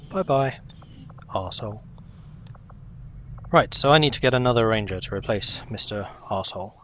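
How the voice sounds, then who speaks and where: On the low side and expressive, this young male streamer's voice has a fairly bright tone and a moderate pace, with slight background noise. He chats casually as he plays, addressing both himself and his viewers.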